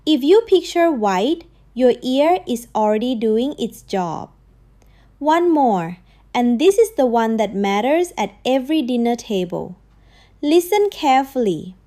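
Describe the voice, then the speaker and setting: A woman's voice: a little high, very animated, unhurried, dark tone. A woman teaching a language lesson, patiently drilling tones and drawing out each example word.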